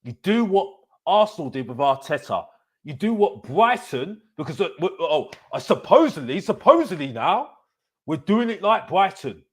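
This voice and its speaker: Emphatic ranting man, slightly high voice. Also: moderate pace, breathy edge. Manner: animated, repetitive, emphatic. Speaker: host of a football fan channel. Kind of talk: live-stream opinion rant.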